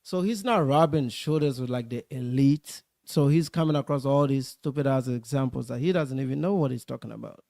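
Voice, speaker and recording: A man's voice: medium pitch, brisk, creaky, hardly any pauses, mellow, no room sound, clean studio sound. A man ranting casually in a clip, profane and dismissive, full of slang.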